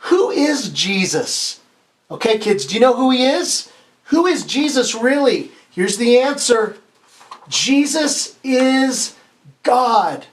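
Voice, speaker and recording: A man reads a children's picture book aloud as a pastor hosting story time. He keeps it expressive and playful, breaks off to ask the kids questions and has them repeat lines back. He stumbles and restarts now and then. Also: very high voice, measured pace.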